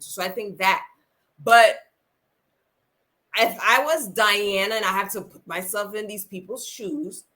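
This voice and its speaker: A woman co-hosting a chatty reality TV recap, her voice bright and clear. She talks with animation, slipping into quick acted-out quotes as she makes her points. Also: mid-range voice. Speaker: podcast co-host. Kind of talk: casual reality TV recap chat.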